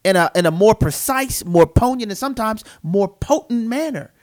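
A man's voice: high-pitched, expressive, normal speed. Earnest preacherly man. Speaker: co-host. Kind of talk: Christian podcast conversation, preaching manner.

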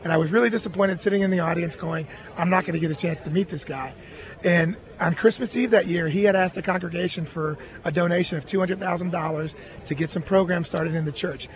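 A man's voice: high-pitched, fairly quick. A middle-aged man, a guest on a radio interview, earnestly telling a personal story and quoting other people in his own voice. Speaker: guest, former baseball catcher.

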